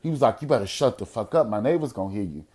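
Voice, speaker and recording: A man hosting a podcast, telling a story in a casual, profane way, swinging from loud outbursts to hushed moments. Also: lowish voice, animated, racing. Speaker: podcast host.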